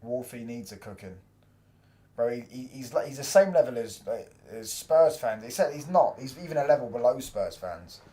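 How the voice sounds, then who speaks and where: A man's voice: mid-range voice, animated, normal speed, mellow. A young man hosting a live football watchalong stream, chatting in casual slangy banter and reacting to the match and viewers' messages.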